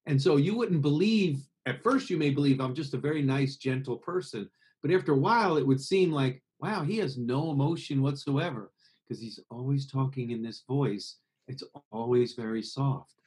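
A man from America being interviewed about singing, explaining with lively examples and acted-out voices. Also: mid-range voice, normal speed. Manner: expressive, acts out voices to make points. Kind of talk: conversational interview over a call.

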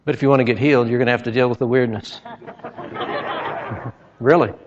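A man's voice: mid-range voice, fairly even intonation, normal speed. A man preaching a sermon, telling stories with dramatic retellings and emphatic outbursts. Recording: echoey hall, dull lo-fi sound.

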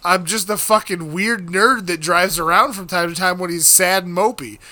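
A young man with a high, sharp, forceful voice recounts a story in casual podcast chat. He swears constantly, speeds up and slows down, and breaks into shouts when reenacting the scene. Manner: profane, animated, bursts into shouting when reenacting.

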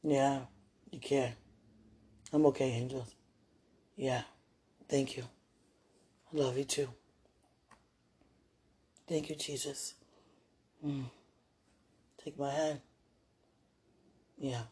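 Very husky, slow-spoken woman praying. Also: rumbling low, fairly even intonation. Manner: murmured, soft-spoken, self-soothing. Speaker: mother. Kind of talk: emotional spoken prayer.

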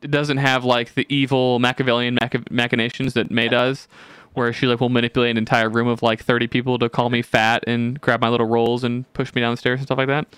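A young man co-hosting a podcast, telling stories in casual chat, animated and swearing freely, acting out the people he quotes. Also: mid-range voice, fast, smooth, no room sound. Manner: swears a lot, animated storytelling with quoted voices. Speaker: podcast co-host.

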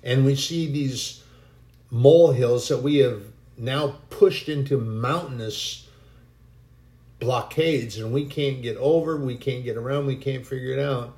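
Male preacher, mid-pitched, earnest and animated delivery, roomy echo. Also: measured pace. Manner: earnest, animated preaching with sudden bursts of acted panic. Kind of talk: sermon. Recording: echoey room.

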